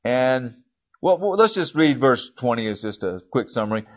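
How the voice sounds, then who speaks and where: A man teaching a casual Bible class in a church classroom. He clears his throat often and corrects himself as he goes. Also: mid-range voice, sing-song, normal speed. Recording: dull lo-fi recording.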